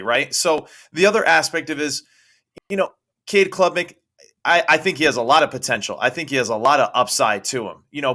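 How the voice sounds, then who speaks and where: Ex-quarterback analyst, male, bright and forceful tone, casual with rhetorical asides. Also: medium pitch. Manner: colloquial, repeats words, asks rhetorical questions. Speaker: former quarterback turned analyst. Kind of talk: casual sports debate.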